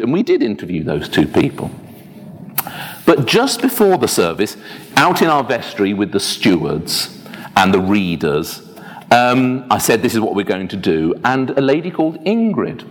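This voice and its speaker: A man preaching a sermon as a minister, telling anecdotes in a lively, self-deprecating way. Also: medium pitch. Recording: long reverb of a church hall.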